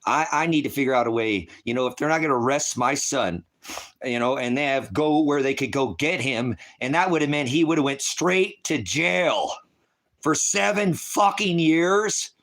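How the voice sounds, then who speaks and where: A man's voice: mid-range voice, normal speed, a bit bright. A preacher delivering an emotional spoken prayer to his congregation. He is tearful and distraught, and he pleads through repeated questions. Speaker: ministry preacher.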